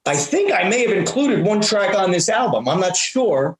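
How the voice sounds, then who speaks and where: A man around sixty, a comedian guest telling animated stories and stumbling over repeated words. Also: high voice, normal speed. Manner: excitable, repeats and restarts words often. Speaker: guest, prank-call comedian and voice actor. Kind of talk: animated anecdotal storytelling. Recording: roomy echo.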